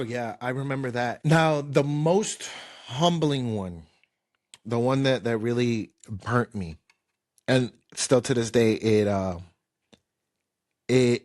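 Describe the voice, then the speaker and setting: A man hosting a podcast, telling a kitchen story casually, with lots of "like" and restarts, acting it out with sound effects. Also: mid-range voice. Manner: lively anecdote-telling with sound effects like pop and bam; loose, filler-heavy talk with "like" and restarts. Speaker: podcast host.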